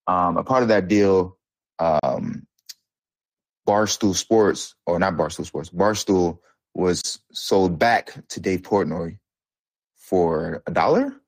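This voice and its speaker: A young man with a very low voice talks basketball on a podcast. He rambles casually, leans on slang and fillers, and sounds close and dry. There is little room sound around him. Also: takes it slowly, dry recording. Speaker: podcast co-host. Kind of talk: casual sports chat.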